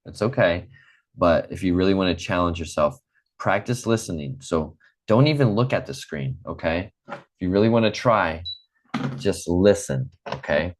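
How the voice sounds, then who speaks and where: A male English teacher with a very low voice leads an online class. He is patient and encouraging, and he says each word slowly and clearly so his students can repeat it. He sounds like a teacher used to drilling vocabulary. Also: expressive.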